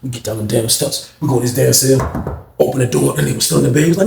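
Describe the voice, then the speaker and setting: A man telling a story casually to the camera in slangy talk, loudly acting out the other people's lines. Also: medium pitch, fairly quick, vocal fry, reverberant. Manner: animated, acts out quotes loudly, slangy. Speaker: vlog storyteller.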